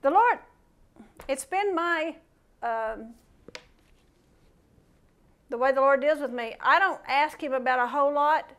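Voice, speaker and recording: A woman preaching an informal sermon, talking to her congregation in a relaxed, conversational way with playful asides. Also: high-pitched. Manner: conversational, animated, playful asides and mimicked voices.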